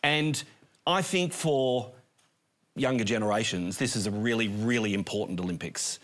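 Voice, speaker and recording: A man's voice: lowish voice, moderate pace, fairly bright tone. An older man speaking as a panelist, rambling earnestly through a list of points. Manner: rambling, earnest, listing things. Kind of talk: opinionated panel discussion. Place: TV studio.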